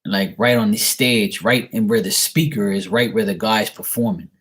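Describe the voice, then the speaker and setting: Man, lowish voice, tarot reader, casual stream chat, rambling, blunt. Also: steady tone, moderate pace, a bit bright. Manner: rambling, many "you know" fillers. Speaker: tarot reader answering viewer questions.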